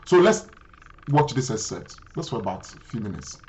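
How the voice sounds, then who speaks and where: A man's voice: mid-range voice, very animated, normal speed, darkish tone, slight background noise, low-quality recording. A man hosting a talk show, introducing a clip in a hesitant way, with frequent fillers and self-corrections. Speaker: show host.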